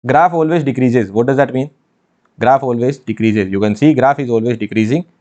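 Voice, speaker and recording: Teaching engineering maths in an online exam-prep lecture, a man speaks a little fast in a medium-pitched voice with a darkish tone. He repeats phrases for emphasis and asks rhetorical questions, heard through dull lo-fi sound.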